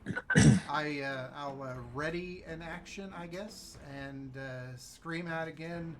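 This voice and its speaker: A man taking his turn in a tabletop game. His voice is fairly high for a man. He rambles and hesitates, with plenty of fillers. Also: slow pace, a little hiss or hum. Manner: rambling and hesitant, with loud in-character shouts. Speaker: player. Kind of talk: casual tabletop game play.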